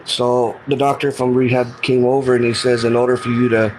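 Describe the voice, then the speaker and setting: A man's voice: mid-range voice, little pitch movement, fairly quick, noisy background. A middle-aged man telling a personal story in a casual, earnest, plain-spoken way, often retelling what people said to him. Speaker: guest telling his story.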